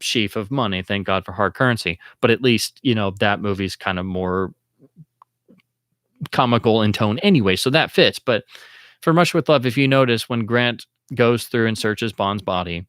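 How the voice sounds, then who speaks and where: Excitable low-voiced man hosting a film livestream. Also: normal speed, no room sound, studio quality. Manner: excitable, acts out audience reactions in a high voice. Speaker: livestream host. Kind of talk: casual film commentary.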